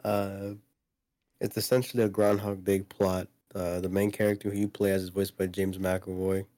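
A man's voice: deep voice, little pitch movement, moderate pace, warm tone, dry recording. A man co-hosting a casual podcast chat about video games, rambling with lots of fillers and restarts. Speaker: podcast co-host.

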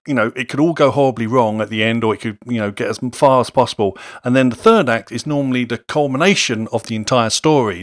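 A man's voice: mid-range voice, no room sound, clean studio sound. A man with a London accent co-hosting a podcast, chatting casually, laughing often and explaining things at length. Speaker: podcast co-host. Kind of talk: casual chat.

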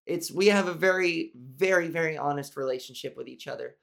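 A woman's voice: low voice, fairly quick, gravelly. A woman with a nasal voice hosts a solo podcast. She talks candidly and swears freely, and her monologue rambles along with restarts. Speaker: podcast host.

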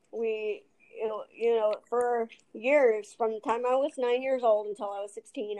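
A young woman hosting a casual chat. She has a speech impediment and rambles, starting sentences over and over. Her voice sits at an ordinary middle pitch. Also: warm tone, rough recording. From New Mexico, raised in Texas. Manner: rambling, with many restarts and laughs. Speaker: host.

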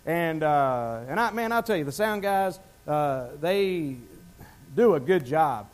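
A man's voice: on the high side, expressive, slow pace, clean tone. A male pastor preaching a sermon in a church, talking conversationally and asking the congregation questions.

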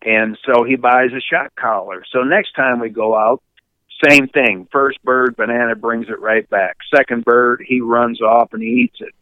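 Older male guest, Michigan-raised, resonant, dry close mic, animated storyteller. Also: medium pitch, measured pace, clean tone, no room sound, phone-quality sound. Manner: animated anecdote teller, mimics yelping dogs and shouting people. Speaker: podcast guest, retired baseball pitcher. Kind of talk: casual storytelling chat.

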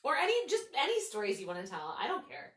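A woman in her thirties hosting a podcast, telling stories in a casual, animated way, swearing freely and saying "like" a lot. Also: mid-range voice, fast talker. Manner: animated, swearing, full of "like" fillers. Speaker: podcast host. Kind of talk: casual storytelling chat. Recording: roomy echo.

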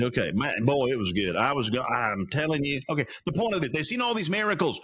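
A man hosting his own show, retelling Bible stories in an animated, casual preaching style. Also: medium pitch, quick pace, husky. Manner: animated storyteller, laughing asides. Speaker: host.

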